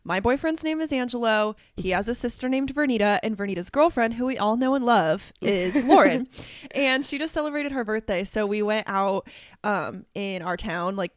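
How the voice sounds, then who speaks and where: A woman's voice: fairly high pitch, expressive, normal speed, no room sound, clean studio sound. A young woman in her twenties co-hosting a casual podcast, telling stories in a bubbly way and acting out what people said. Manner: bubbly storyteller, acts out quotes. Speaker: podcast co-host. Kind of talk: casual chat.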